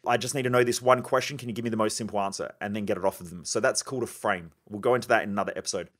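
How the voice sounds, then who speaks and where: Man hosting a coaching podcast. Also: mid-range voice. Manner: emphatic, coaching tone with acted-out example dialogues. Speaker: podcast host. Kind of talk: solo podcast monologue.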